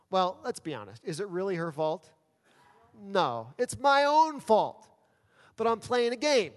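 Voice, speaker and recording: A man from New York City preaching a sermon as pastor, firing off rhetorical questions and acting out people's excuses. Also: high voice. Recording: long reverb of a large hall.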